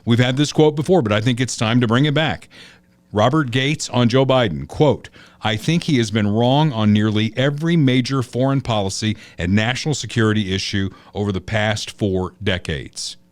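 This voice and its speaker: A man's voice: mid-range voice, moderate pace, no room sound. A man hosts a political talk show in an easy, storytelling way. His voice sits in a middle range and is recorded dry and close, with no room sound. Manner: chatty, storytelling, opinionated. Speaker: podcast host.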